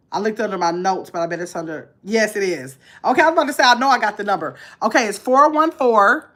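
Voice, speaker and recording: Chatty woman hosting a livestream. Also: a bit bright. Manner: chatty, talks to her viewers while muttering to herself; drops to a low mumble while searching her phone. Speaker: livestream host. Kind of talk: casual livestream chat.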